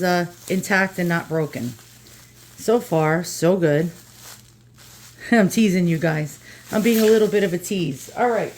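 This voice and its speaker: A woman's voice: on the low side, measured pace, long pauses, a little mellow, slight background noise. A woman with a New York accent, chatting casually and bluntly through an unboxing, joking and swearing now and then. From New York, USA. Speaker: vlogger.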